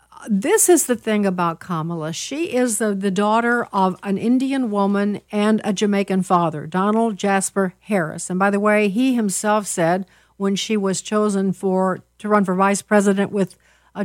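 A woman's voice: medium pitch, moderate pace, no echo. A middle-aged woman hosts a political talk radio show. She argues emphatically and with conviction, stumbling over fillers and restarting sentences. The studio sound is dry and close, with no room to it.

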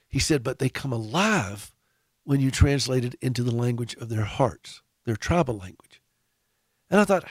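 Earnest radio host, dry studio. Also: male voice, medium pitch, dry recording. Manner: earnest, conversational, with frequent restarts. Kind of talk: casual radio talk to caregivers.

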